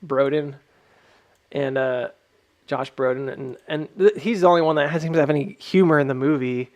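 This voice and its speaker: A man's voice: a little high, normal speed, a little mellow. A man hosting a livestream in casual chat, rambling and full of fillers. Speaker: livestream host.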